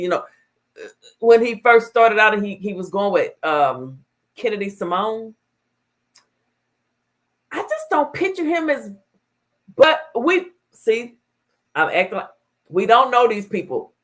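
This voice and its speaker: Sassy lady host chatting on a live stream, high voice all over the place, says it straight. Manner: animated, blunt and sassy. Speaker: talk show host. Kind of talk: casual livestream chat.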